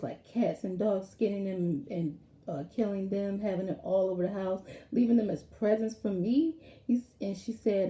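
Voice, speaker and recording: Dark-voiced woman recapping a TV episode. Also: medium pitch. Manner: rambling, animated retelling with quoted lines. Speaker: TV episode reviewer. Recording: roomy echo.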